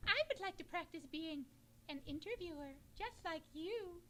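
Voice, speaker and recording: Lady doing a fluttery little feather puppet, way high up, breathless and swooning, bright and a bit off mic. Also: lively intonation, normal speed, slight background noise, full character voice.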